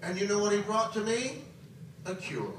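High-voiced preacher in an echoing hall. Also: male voice, expressive, normal speed, crowd noise. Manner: emphatic, questions the congregation. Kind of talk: sermon. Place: camp meeting hall. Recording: very echoey, from a distance, faint noise.

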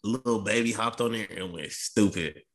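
A man's voice: lowish voice, moderate pace, crowd noise. A man co-hosting a casual podcast from a studio, talking in a laid-back, joking way with swearing. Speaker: podcast co-host. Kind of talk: casual chat. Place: recording studio.

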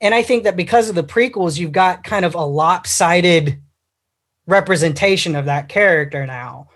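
A man's voice: sits high, normal speed, fairly bright tone. A man talking as a guest on a casual livestream chat, rambling with lots of fillers and restarts. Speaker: guest on a fan podcast.

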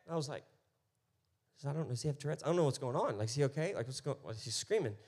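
Animated male pastor preaching. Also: on the high side, fast. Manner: animated storytelling, acts out voices. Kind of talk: sermon.

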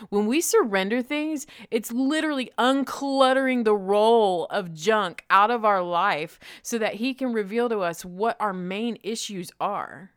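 A woman's voice: medium pitch, unhurried, hardly any pauses, clear, resonant tone, dry recording, studio quality. A woman co-hosting a faith-based podcast, talking in an emphatic, preachy, encouraging way. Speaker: podcast co-host.

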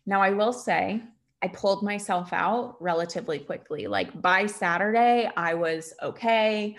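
A woman's voice: mid-range voice, measured pace. A woman hosting her own podcast, talking candidly in a rambling, conversational way and retelling what people said to her. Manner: candid and rambling, with many fillers and retold dialogue. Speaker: podcast host. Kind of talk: casual confessional chat.

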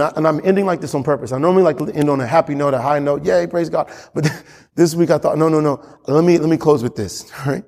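A pastor preaching an impassioned sermon, repeating key phrases for emphasis. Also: male voice, fairly high pitch, a little mellow, long reverb tail.

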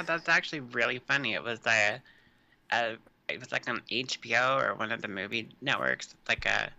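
A man co-hosting a casual podcast, relaxed and amused, explaining things and adding quick agreements. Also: fairly low pitch, vocal fry. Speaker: podcast co-host. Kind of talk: casual chat.

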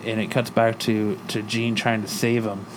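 There's slight background noise as a man with a lowish voice, level tone, and normal speed co-hosts a podcast. He casually recounts a comic book story and delivers the characters' lines in his own voice.

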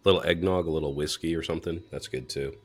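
A man with a strikingly deep voice co-hosting a casual podcast. He talks in a relaxed, agreeable way. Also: fast, breathy edge. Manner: laid-back, agreeable. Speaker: podcast co-host.

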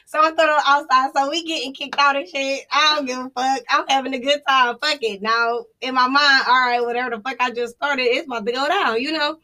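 A woman's voice: high voice, steady tone, a little fast, hardly any pauses, pushed and bright. A woman co-hosting a podcast, telling a long personal story in casual, profane chat with bursts of laughter. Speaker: podcast co-host.

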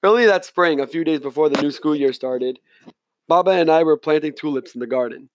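A man reading a novel aloud in the first person, in a measured, reflective manner, close to the mic. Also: a little high, no echo. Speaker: audiobook narrator. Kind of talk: scripted narration, first person.

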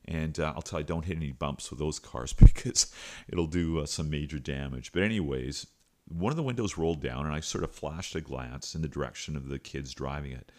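A middle-aged man with a strikingly deep, low voice tells a story on his podcast. He talks in a relaxed, conversational way, pausing for fillers and restarting his sentences as he goes. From Canada. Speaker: podcast host and coach. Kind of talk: storytelling monologue.

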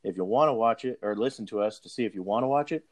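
Rambling low-voiced man reviewing a movie. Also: fast talker. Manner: rambling, many fillers and restarts. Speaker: podcast host. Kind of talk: casual movie review chat.

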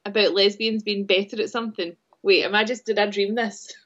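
A woman's voice: medium pitch, fairly even intonation, brisk, fairly bright tone, lo-fi sound. A young adult woman, co-hosting a casual chat podcast, playful and teasing, laughing often. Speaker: podcast co-host.

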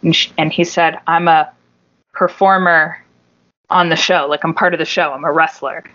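A woman co-hosting a podcast, telling a story in a casual, animated and profane way, acting out the voices of the people in it. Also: deep voice, normal speed, highs cut off. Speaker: podcast co-host.

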